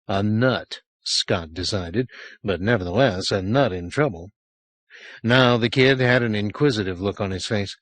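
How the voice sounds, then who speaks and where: A man reading a horror short story aloud as an audiobook narrator, measured and expressive. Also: on the low side, dry recording. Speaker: audiobook reader.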